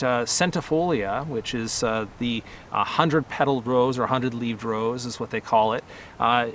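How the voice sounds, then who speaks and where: A middle-aged man speaks casually outdoors in a medium voice, relaxed and conversational. He pauses on fillers and corrects himself as he goes. Faint traffic hums behind him. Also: mid-range voice. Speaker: rose nursery grower and channel host. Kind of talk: casual talk to camera.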